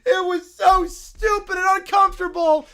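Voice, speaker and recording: A woman's voice: very high-pitched, little pitch movement, normal speed, sharp tone, exaggerated voice. A woman voicing a lovesick, petulant little male gray bear cub in a cartoon clip, whining and sobbing as it makes demands. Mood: moping. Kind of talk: AI-generated cartoon video clip.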